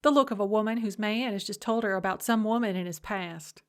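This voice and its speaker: A woman's voice: medium pitch, fairly quick, clear, resonant tone, close to an everyday voice. A woman narrating an audiobook, voicing a doting, shrewd old grandmother with a fond, drawling, teasing manner. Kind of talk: audiobook character voice.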